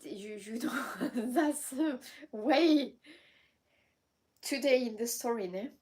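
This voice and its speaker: Woman, slightly high voice, animated casual vlog storyteller. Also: slow, rough recording. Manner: animated, switches between English, French and Japanese fillers, laughs often. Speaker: vlogger.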